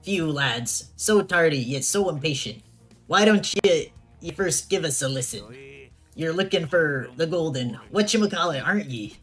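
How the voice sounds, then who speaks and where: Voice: mid-range voice, expressive, moderate pace, fairly bright tone, soft background music, lightly acted. A streamer doing a swaggering pirate captain. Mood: taunting. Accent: put-on pirate accent. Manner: growling old-timey pirate speech. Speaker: streamer reading game dialogue.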